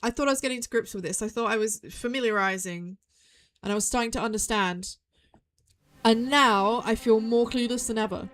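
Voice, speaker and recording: A young woman streaming a game, thinking aloud in an excitable way and repeating her own phrases as she puzzles things out. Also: a little high, a little fast. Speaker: VTuber streamer. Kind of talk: live game stream commentary.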